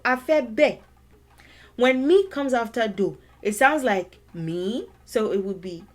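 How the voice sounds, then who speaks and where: A woman's voice: fairly high pitch, unhurried. Woman teaching pronunciation, patient, repetitive. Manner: patient, repeats points and models words aloud. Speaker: language teacher. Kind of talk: explaining and demonstrating pronunciation.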